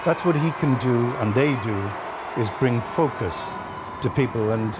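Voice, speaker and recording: A Welsh-born man speaking as a studio guest in a broadcast interview, telling a story with many pauses and fillers. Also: medium pitch, very noisy. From Wales.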